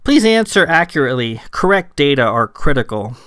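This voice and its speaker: A man's voice: fairly high pitch, sing-song, brisk, fairly bright tone, smooth, no echo, clean studio sound. A man reading a droll, impatient lord. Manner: droll, clipped, bureaucratic. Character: cool, impatient male lord official.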